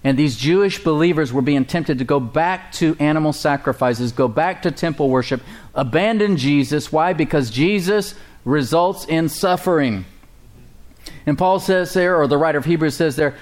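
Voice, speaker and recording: A man delivers an emphatic sermon from the pulpit of a church, with a voice that sits a bit high. He drives each point home and keeps throwing rhetorical questions at his congregation. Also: normal speed. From United States. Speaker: pastor.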